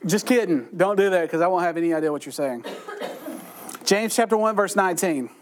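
A middle-aged man leads a Bible study in a lighthearted, joking style, his voice sitting high for a man and moving a little fast. His loose, conversational delivery includes dry, self-deprecating asides, with a faint hiss or hum in the recording.

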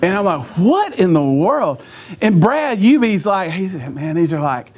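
A man's voice: high voice, very animated, moderate pace. A man preaching a sermon in a church, telling funny stories about himself and laughing at his own jokes in a folksy, self-mocking way. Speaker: pastor. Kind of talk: sermon with humorous storytelling. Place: church sanctuary.

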